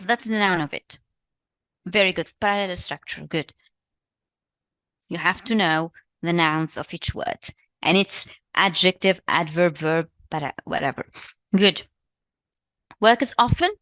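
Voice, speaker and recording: A woman's voice: lowish voice, fairly bright tone, dry recording, clean studio sound. A woman with a Tunisian accent, a native Arabic speaker, giving a live English exam revision lesson, repeating answers and praising students often. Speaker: English teacher.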